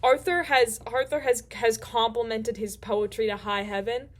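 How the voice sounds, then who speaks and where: A woman hosting a casual book recap, rambling and excitable and swearing freely. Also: fairly high pitch, normal speed. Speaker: host.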